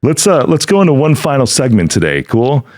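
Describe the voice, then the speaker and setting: A man's voice: mid-range voice, sing-song, fairly quick, a little mellow. A man hosting a podcast interview, chatting casually and enthusiastically into a studio mic, with loose restarts. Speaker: podcast host. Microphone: studio dynamic mic.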